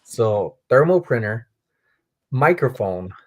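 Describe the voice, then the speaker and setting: A man's voice: mid-range voice, big pitch swings, slow, a little mellow, slight background noise. Male livestream host, casual and friendly, chats and thanks viewers.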